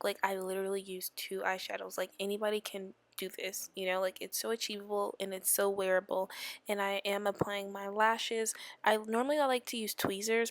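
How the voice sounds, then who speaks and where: Chatty young woman in a loud whisper. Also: mid-range voice, no echo. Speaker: beauty vlogger. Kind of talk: makeup tutorial voiceover. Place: home, late at night.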